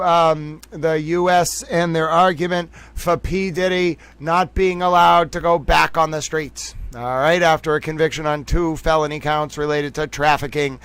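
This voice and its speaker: A man with a hard Boston accent hosts a live stream, speaking to his audience in a showy, theatrical way. His voice sits a little high and comes through smooth and clear. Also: a bit bright, dry recording. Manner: theatrical, repeats catchphrases, addresses viewers directly. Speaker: livestream host.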